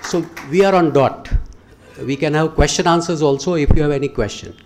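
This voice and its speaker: A man with an Indian accent speaks to a hall audience in a motivational lecture. He tells stories and fires questions at the listeners, in a voice that sits a little high for a man. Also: fairly quick, a little mellow, a little hiss or hum. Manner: storytelling, questions the audience directly. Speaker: guest speaker.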